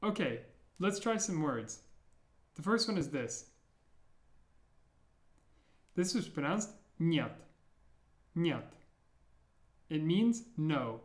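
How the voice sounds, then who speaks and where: A man teaching the letters of an alphabet as a language teacher, slowly repeating each sound clearly for beginners. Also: a little high, very animated, roomy sound. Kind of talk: slow, careful alphabet lesson.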